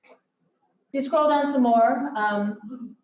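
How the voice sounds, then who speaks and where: A woman's voice: high-pitched, very slow, slight background noise. A woman giving an upbeat conference presentation with joking asides. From Silicon Valley. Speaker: workshop presenter. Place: lecture hall. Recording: echoey hall from far off, dull.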